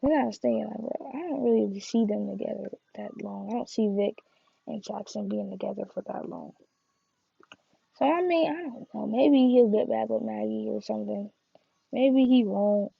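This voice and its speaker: A woman talks through a TV episode in a loose, rambling way, full of fillers and slang. Her voice is heavily gravelly and mellow-toned. The recording is dry and a little dull. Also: a little high, no echo. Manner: chatty, rambling, filler-heavy with slangy asides. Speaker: TV review vlogger. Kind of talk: casual chat.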